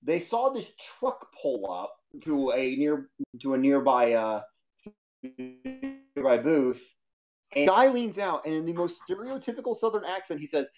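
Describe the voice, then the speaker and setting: A co-host on a stream chats and tells stories casually, animated and quick to laugh, in a mid-range voice.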